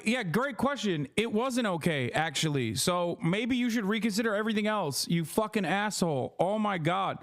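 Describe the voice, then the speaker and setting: High-voiced man streamer, profane and sarcastic reaction commentary. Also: animated, moderate pace, few pauses, a bit bright, dry recording, clean studio sound.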